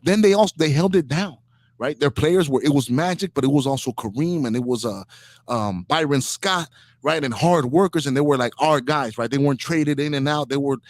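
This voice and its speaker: A male podcast host from Inglewood rants about sports in a heated, slang-heavy way, tossing "dog" into almost every line. His voice sits a little high for a man. The sound is close and dry. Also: brisk, dry recording. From Inglewood, Los Angeles. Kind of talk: opinionated comedic rant.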